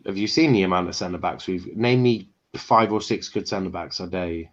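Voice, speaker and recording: A man's voice: low voice, normal speed, lo-fi sound. A man, a referee guest on a live stream, talking in a blunt, opinionated, casual way and laughing at his own stories.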